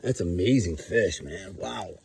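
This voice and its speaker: A man talks casually to a camera outdoors. His voice sits low and mellow. He rambles with excitement and often says things twice. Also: measured pace, creaky, a little hiss or hum. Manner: excited, rambling, repeats himself. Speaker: vlogger. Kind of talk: casual outdoor vlog narration. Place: outdoors by a river.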